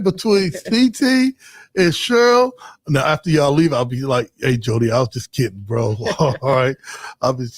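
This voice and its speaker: A man's voice: mid-range voice, no echo. Host, male, easygoing livestream chat, loose and rambling, dry close sound. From Ohio. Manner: loose and joking, many fillers and restarts. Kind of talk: casual livestream chat, reading viewer comments.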